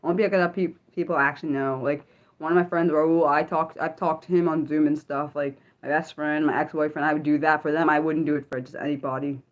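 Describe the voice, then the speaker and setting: A woman hosts a casual livestream in a fairly low voice. She rambles through her thoughts, stopping and restarting, with plenty of ums. She answers her chat as she goes. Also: steady tone, fast talker. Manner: rambling, many fillers and restarts, reading chat aloud. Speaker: livestream host.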